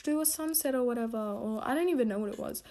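Chatty young woman rambling through a story. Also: fast talker. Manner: rambling, full of fillers and self-corrections; animated storytelling, pitch jumping when excited. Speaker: podcast host. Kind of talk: casual rant.

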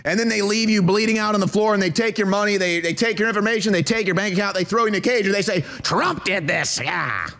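A male talk show host with a very high voice launches into a heated political rant. He hammers his points with mocking repetition and sound effects. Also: fairly even intonation, racing, hardly any pauses, fairly bright tone.

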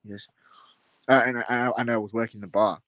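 A man's voice: mid-range voice, fairly even intonation, fairly quick, fairly bright tone, no room sound. A young man with a West Yorkshire accent, telling a story in rambling, casual podcast chat full of fillers. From West Yorkshire, England. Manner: rambling, many fillers and laughs. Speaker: podcast host.

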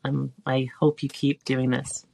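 Middle-aged woman guest, gravelly low voice, dry close sound, heartfelt and halting. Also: flat delivery, dark tone, no echo. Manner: earnest, emotional, with frequent um and restarts. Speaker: interview guest, teacher and filmmaker. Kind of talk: reflective heartfelt conversation.

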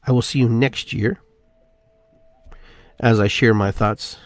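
A man hosting a spiritual podcast, talking in an unhurried, musing way and repeating phrases with shifting inflection. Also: mid-range voice, fairly even intonation, dry recording. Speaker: podcast host. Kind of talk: reflective spiritual monologue.

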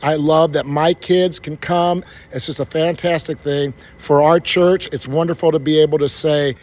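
A pastor answers interview questions with enthusiasm. His voice sits a bit high for a man. He speaks in a casual, spontaneous way. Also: steady tone, moderate pace, few pauses. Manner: enthusiastic, warm praise.

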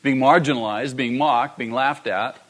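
A man's voice: medium pitch, normal speed, fairly bright tone. A man preaching a sermon, repeating his key phrases and asking the congregation rhetorical questions. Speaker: pastor.

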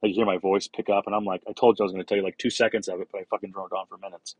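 Man, podcast host, rambling casual monologue, husky, dry close mic. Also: deep voice, little pitch movement, racing, dry recording, muffled recording. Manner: rambling, lots of fillers and restarts, swears casually.

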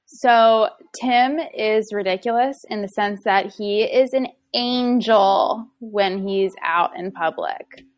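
Young woman, mother, casual chat, chatty storyteller, filler-heavy, middle pitch. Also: takes it slowly, hardly any pauses. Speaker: mother discussing parenting.

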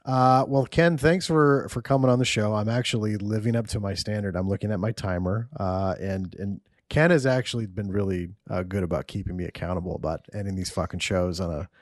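A man's voice: on the low side, brisk, hardly any pauses, dry recording, clean studio sound. A man hosting a casual podcast, talking loosely, swearing and laughing often. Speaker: podcast host.

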